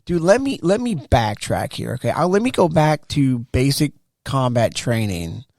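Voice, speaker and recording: A man in his forties, a veteran guest, telling a story in a casual interview with slangy, animated delivery. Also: mid-range voice, moderate pace, creaky, no echo. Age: 40s. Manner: animated, acts out quoted voices, slangy.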